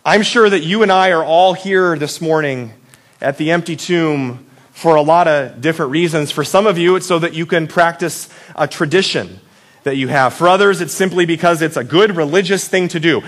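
A man's voice: fairly high pitch, normal speed, a bit bright. A male pastor giving a casual, joking Easter sermon, often checking in with "right?" and asking the audience reflective questions.

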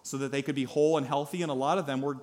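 A pastor preaching a sermon at a church service, telling a story in a lively way with asides to the congregation. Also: male voice, mid-range voice, very fast.

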